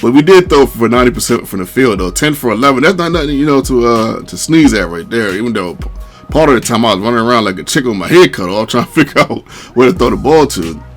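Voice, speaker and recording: A man commentates his own video game replay in a loose, slangy way, leaning on "man" and "you know." His pitch swings widely, shooting high when he quotes his own disbelief. Faint music plays underneath. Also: quick pace. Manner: animated, jumps to high pitch when quoting himself; relaxed slang, fillers like "man". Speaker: gaming commentator. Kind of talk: casual gameplay commentary.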